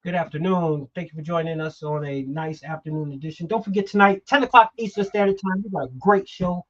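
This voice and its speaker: A man's voice: fairly high pitch, a little fast, fairly bright tone. Middle-aged male show host, fired-up and blunt, muffled lo-fi audio. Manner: emphatic, heated, swears. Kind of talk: political talk show.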